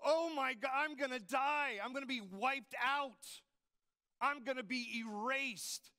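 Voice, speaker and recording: A man voicing a terrified male prophet who cries out frantically in short, loud exclamations. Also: extremely high pitch, measured pace, big-room sound, pitched above the performer's own voice, full character voice. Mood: panicked.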